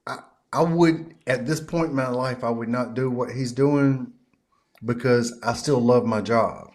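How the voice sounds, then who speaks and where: Slow-talking plainspoken American man. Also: medium pitch, a little mellow. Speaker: podcast co-host, HVAC technician. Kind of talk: casual chat.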